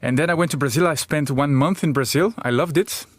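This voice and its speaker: Frenchman joking in halting English. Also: fairly high pitch, no room sound. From France. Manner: hesitant, repeats words, playful jokes. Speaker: comedian guest. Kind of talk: casual interview chat. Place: radio studio.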